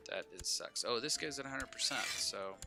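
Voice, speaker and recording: A man's voice: medium pitch, a little fast, music in the background. A man giving casual live commentary while playing a strategy game, chatting to viewers and talking back to the characters on screen.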